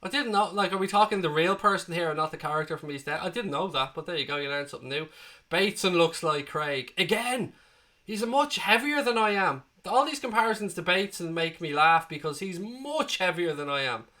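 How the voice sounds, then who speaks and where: Reading out viewer comments during a live football watchalong, a twentysomething man trades blunt, sweary banter. He talks briskly in a high, sharp-toned voice.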